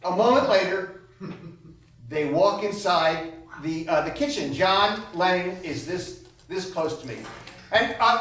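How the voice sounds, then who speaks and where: A man performing a solo comedy storytelling monologue on a small theater stage. He talks in a chatty, digressive, self-mocking way with dry comic asides. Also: sits high. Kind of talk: live stand-up storytelling monologue. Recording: echoey theater, far from the mic, noisy.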